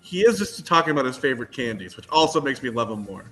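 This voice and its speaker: A comedian chatting casually with a host, giving brief, easygoing replies. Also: male voice, mid-range voice, sing-song, fast talker, bright, forceful tone, faint music behind. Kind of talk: casual chat.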